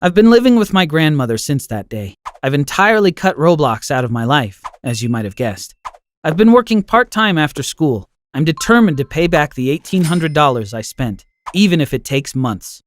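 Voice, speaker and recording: Tts guy narrating a story, animated lively tone. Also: fairly high pitch, moderate pace. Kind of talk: scripted first-person story narration.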